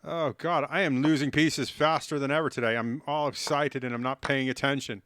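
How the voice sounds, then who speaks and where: Smooth-voiced joking male streamer. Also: medium pitch, steady tone, moderate pace, fairly bright tone, dry recording, clean studio sound. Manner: rambling and self-mocking, cracks silly jokes. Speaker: livestreamer. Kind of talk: casual live-stream chat while playing chess.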